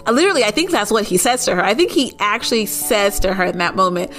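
A woman's voice: medium pitch, big pitch swings, fast talker, a bit bright, soft background music. A woman casually recapping an episode, rambling with lots of "like" and "you know" and getting indignant at outrageous moments. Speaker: show recapper.

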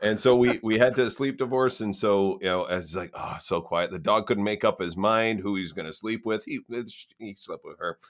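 A man's voice: lowish voice, moderate pace, hardly any pauses. A man, co-hosting a casual podcast chat and telling wry, anecdotal stories. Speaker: podcast co-host.

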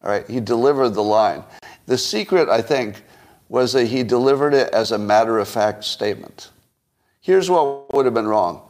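A man's voice: medium pitch, normal speed, darkish tone. Wry man musing on the news. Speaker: podcast host. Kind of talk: solo political commentary.

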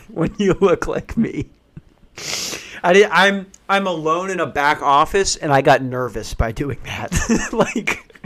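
A man's voice: medium pitch, a bit bright. A man in his twenties hosting a podcast alone from a small back office, rambling and swearing, laughing at his own jokes. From western Pennsylvania. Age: 20s. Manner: profane, rambling, laughing at himself. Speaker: podcast host. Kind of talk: casual podcast rant.

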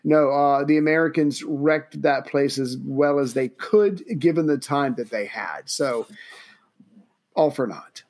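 A man's voice: a little high, measured pace, darkish tone. A man co-hosting a casual history podcast with wry, teasing banter. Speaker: podcast co-host.

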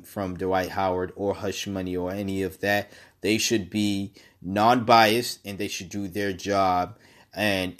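A man speaks in a somewhat low voice at an unhurried, deliberate pace. He gives casual opinion commentary on his own, stumbling and repeating words before pressing each point with emphasis.

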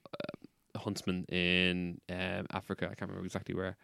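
A man's voice: sits low, monotone, moderate pace, creaky, bright, forceful tone, smooth, no room sound, studio quality. A young Irish man co-hosting a podcast, chatting in a laid-back, rambling way with some swearing. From Ireland. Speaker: podcast co-host. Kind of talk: casual chat.

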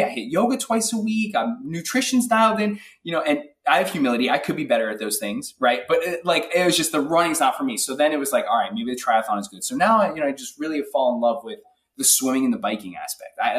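A man telling an animated, filler-heavy story as a guest in a casual interview. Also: on the high side, echoey room, far from the mic. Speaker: guest athlete.

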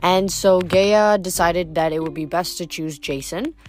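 A woman reading a novel aloud in an unhurried way, with small slips and restarts. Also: lowish voice, a little mellow. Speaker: reader.

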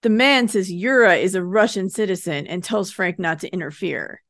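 A woman hosting a podcast talks through a TV episode's plot in casual, steady narration, now and then acting out a character's line. Her voice sits at a middle pitch and is recorded close and dry, with no room sound around it. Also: dry recording. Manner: retells the plot in quick plain narration, acting out characters' lines. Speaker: podcast co-host recapping a TV episode.

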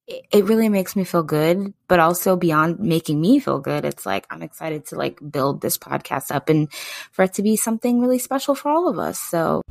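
Gravelly low-voiced excitable woman host. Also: moderate pace, no echo. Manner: effusive, excitable, chatty. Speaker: podcast host. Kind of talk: casual podcast chat.

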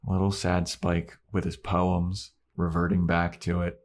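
A deep-voiced man co-hosts a podcast, unhurried as he casually goes over an episode. He brings energy to it by acting out what the characters said.

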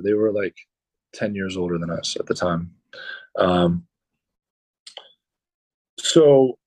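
A musician telling stories about touring with other bands in a loose, rambling way, with lots of fillers and swearing. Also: male voice, medium pitch, darkish tone, dry recording, rough recording. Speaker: musician guest. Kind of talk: casual storytelling.

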